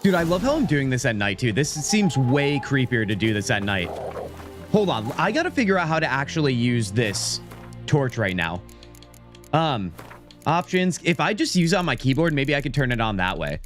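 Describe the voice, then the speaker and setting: A man's voice: mid-range voice, sing-song, moderate pace, soft background music. An American man streaming a game, rambling casually and reading menu options aloud as he plays. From United States. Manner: rambling, chatty, reads menus aloud. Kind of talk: casual gameplay commentary.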